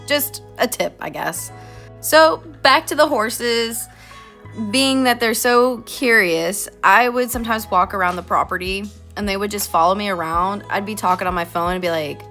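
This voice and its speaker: A woman's voice: medium pitch, sharp tone. A woman artist talking casually over her drawing, earnest and heartfelt, rambling a little. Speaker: artist vlogger. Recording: faint music behind.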